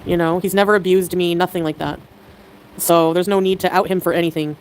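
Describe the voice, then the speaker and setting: A woman chatting casually on a livestream, excitable and giggly, with quick swings in mood. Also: on the low side, slight background noise, low-quality recording.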